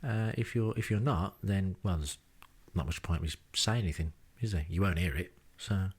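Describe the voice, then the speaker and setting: A man's voice: sits low, moderate pace, darkish tone, husky. A man hosting a podcast, narrating a travel diary in a dry, self-deprecating way with wry asides. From England. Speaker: podcast host. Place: rented home.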